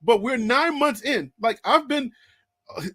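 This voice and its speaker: A man with a high voice hosts a sports fan channel in a casual live-stream chat. He speaks animatedly, laughs often and calls out to his viewers by name. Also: animated, measured pace, fairly bright tone.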